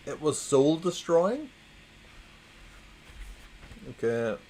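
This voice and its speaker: Slow, wry man reading dad jokes. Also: fairly high pitch, big pitch swings, a little hiss or hum, poor audio. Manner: wry, plays to a quiet chat, repeats punchlines. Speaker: livestream host. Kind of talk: casual livestream, reading jokes to chat.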